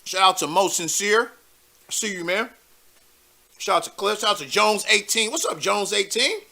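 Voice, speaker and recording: A man hosting a live call-in show, chatting casually in slang and getting animated as he tells stories. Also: sits high, moderate pace, vocal fry. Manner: animated, slangy, laughs while telling stories.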